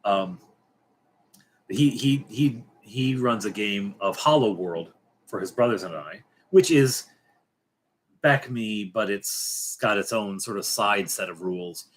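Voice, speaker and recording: Middle-aged male stream host, low-ish voice, halting and rambly with wry asides. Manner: rambling and halting, many fillers and restarts. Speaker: livestream host. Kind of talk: casual late-night livestream chat.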